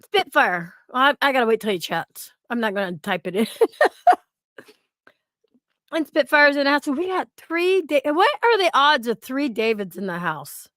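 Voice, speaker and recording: A woman's voice: sits high, sing-song, normal speed, a bit bright, no room sound, clean studio sound. A woman hosting a casual livestream, chatting, swearing freely and greeting viewers from the chat. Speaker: livestream host.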